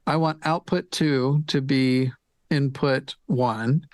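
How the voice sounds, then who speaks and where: A man's voice: medium pitch, fairly even intonation, takes it slowly, a little mellow, dry recording. A man joining a charity livestream as a guest, joking, teasing and thinking aloud while he fixes his stream settings. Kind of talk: casual livestream chat.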